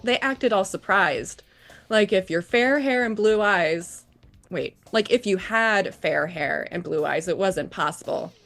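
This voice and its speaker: A woman co-hosting a book podcast, reading a novel aloud in steady narration with side comments. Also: medium pitch. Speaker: podcast co-host.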